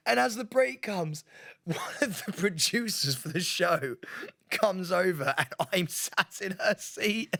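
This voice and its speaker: A man co-hosting a podcast, telling an animated story full of laughter and acted-out quotes. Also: sits high, normal speed, no room sound, clean studio sound. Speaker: podcast co-host. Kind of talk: casual storytelling chat.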